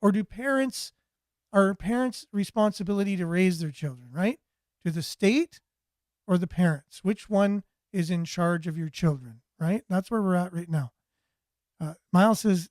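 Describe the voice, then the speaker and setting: High-voiced man, rambling commentary. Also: normal speed, darkish tone, dry recording, studio quality. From Canada. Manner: rambling, repeats words and restarts. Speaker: talk show host. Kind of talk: casual commentary, reading viewer comments.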